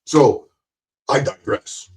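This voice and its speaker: A man, hosting his own live stream and ranting at his audience in a profane, combative, mocking way. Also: slow. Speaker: livestream host.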